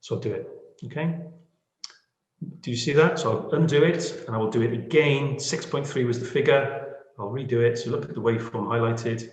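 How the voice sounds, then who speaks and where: A man's voice: medium pitch, brisk. Man, podcast tutor, self-deprecating, keeps asking "okay?"; roomy echo. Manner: chatty and self-deprecating, checks in with "okay?" and "yeah?". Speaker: podcast lead teaching audio editing. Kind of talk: screen-share editing tutorial. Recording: echoey room.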